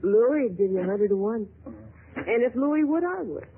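A woman's voice: a little high, animated, normal speed, a little hiss or hum. An actress playing a sultry, scheming woman who teases and mocks, in a 1950s radio drama. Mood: teasing. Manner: teasing, mocking. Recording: tinny lo-fi old radio broadcast.

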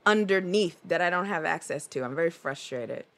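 A woman's voice: fairly low pitch, expressive, brisk, a bit bright. A woman guest on a podcast, talking in a chatty, rambling way with lots of "like". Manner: chatty and rambling, heavy use of "like". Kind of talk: casual chat.

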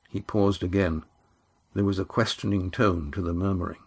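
A man reading a chapter of a novel aloud as narrator, in a measured, unhurried way. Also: sits low, steady tone, breathy edge. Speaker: audiobook narrator. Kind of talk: scripted narration.

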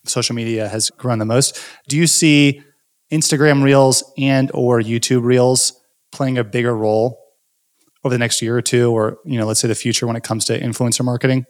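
A man's voice: medium pitch, steady tone, normal speed. A man hosting a podcast conversation, asking curious questions in a casual way. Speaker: podcast host.

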